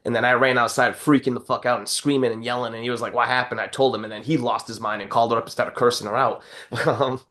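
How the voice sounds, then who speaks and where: Guy on a podcast getting worked up telling a story, swears a lot, does little voices for quotes, medium pitch. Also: quick pace. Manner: animated storytelling, swears freely, acts out quotes. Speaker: podcast co-host. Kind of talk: casual podcast chat.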